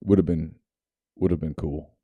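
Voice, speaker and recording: A man with a Southern US accent co-hosting a sports podcast, telling a relaxed personal story in casual chat. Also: very deep voice, normal speed, no room sound, phone-quality sound. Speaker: podcast co-host.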